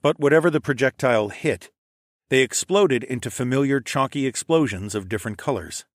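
A man reads a first-person fantasy audiobook in a wry, sardonic voice and drops in the odd curse. His voice sits at a middle pitch. The recording is dry and close, with no room sound. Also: lively intonation, fairly quick, no room sound. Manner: wry and sardonic, with casual profanity. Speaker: audiobook narrator.

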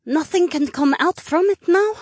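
A man's voice: very high voice, moderate pace, dry recording, pitched above the performer's own voice. A man reading an audiobook, voicing a wary, sarcastic young woman. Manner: dry, sardonic. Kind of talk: audiobook character voice.

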